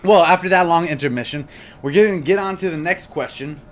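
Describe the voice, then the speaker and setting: A man's voice: a little high, brisk. A young man chatting casually while he comments on gameplay and answers viewer questions, rambling with plenty of fillers into a desktop mic at home. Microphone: desktop USB microphone.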